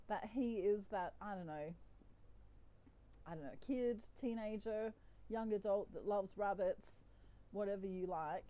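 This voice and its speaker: A woman who reads tarot talks in a loose, playful way, laughing often as she acts out a lesson with toy puppets. Her voice is mellow and soft-edged, at an ordinary pitch for a woman. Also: low-quality recording. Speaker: tarot reader. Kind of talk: casual chat.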